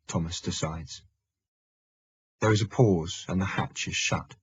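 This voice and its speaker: A man narrating a historical audiobook in a measured, steady manner. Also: low-pitched, slightly rough, no echo, muffled recording. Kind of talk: scripted narration.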